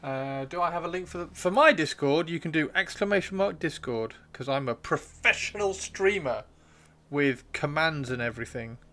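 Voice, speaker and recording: A man's voice: a little high, expressive, moderate pace, bright, forceful tone. A man streaming live, chatting casually and joking as he reads out viewer messages, his throat a bit worn from talking. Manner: chatty, joking, self-mocking. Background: faint video game music.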